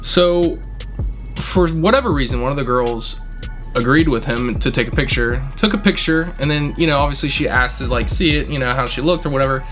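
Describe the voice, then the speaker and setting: A man's voice: medium pitch, fairly quick, music in the background. A young man, a restaurant manager, telling a story in a blunt, indignant, casual way and swearing freely.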